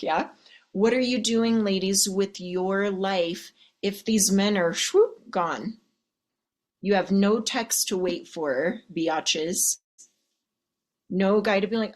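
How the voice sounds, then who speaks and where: Woman life coach, unhurried delivery, sassy and teasing, live-stream pep talk. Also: medium pitch. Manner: sassy, teasing, profane, keeps asking "okay?".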